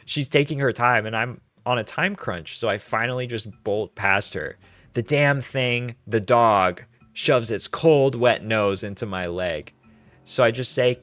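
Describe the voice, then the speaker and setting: A man's voice: medium pitch, moderate pace, a bit bright, no room sound, faint music behind. A young man hosting a casual commentary, sarcastic and exasperated, with many fillers. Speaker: commentary host.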